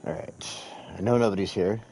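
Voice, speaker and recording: A man's voice: sits low, fairly even intonation, slow, vocal fry, dark tone. A man hosting a casual live game stream, rambling and swearing as he talks to his chat while clicking through menus. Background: faint background music.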